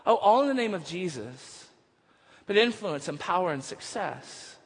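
A man's voice: sits high, big pitch swings, unhurried. A male pastor preaching a sermon, moving from casual storytelling into emphatic preaching. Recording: long hall reverb.

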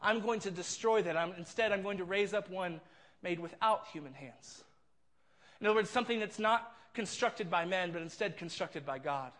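High-voiced earnest preacher man. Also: moderate pace, fairly bright tone. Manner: earnest, vivid storytelling, repeats words. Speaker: pastor. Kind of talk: sermon.

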